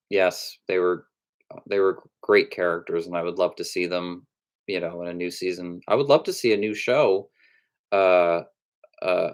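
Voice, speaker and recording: A young man hosting a casual live-stream about movies, talking in a halting way with frequent restarts. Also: sits low.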